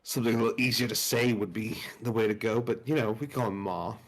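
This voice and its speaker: A man's voice: on the low side, fairly even intonation. Hesitant man playing his tabletop character. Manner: halting, hesitant, laughing easily. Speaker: player. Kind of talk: in-character tabletop role-play.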